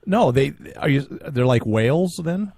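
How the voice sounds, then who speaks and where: A man's voice: medium pitch, animated, unhurried, warm tone, dry recording, clean studio sound. A man co-hosting a podcast in casual chat, joking and teasing his partner. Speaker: podcast co-host.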